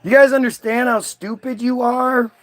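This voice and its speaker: Streamer, male, high voice; combative, taunting rant at his chat. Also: steady tone, normal speed. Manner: mocking, confrontational, profane. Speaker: livestream host. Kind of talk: ranting at commenters.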